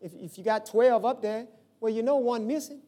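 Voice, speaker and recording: Speaking at normal speed, a man preaching as pastor acts out the voices in the stories he tells. His delivery shifts from shouts to low asides.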